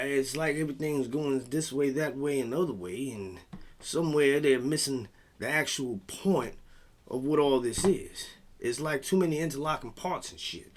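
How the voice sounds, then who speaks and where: A man with a high voice and a piercing, very bright edge talks straight to his viewers. He is blunt and swears freely. He reads text aloud, then breaks off into his own rants. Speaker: vlog host. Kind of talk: profane commentary monologue.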